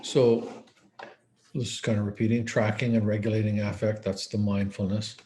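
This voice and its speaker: Low mellow-voiced male lecturer. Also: flat delivery, moderate pace, a little hiss or hum. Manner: conversational, storytelling, acts out quoted dialogue. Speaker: psychiatrist. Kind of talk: conference lecture.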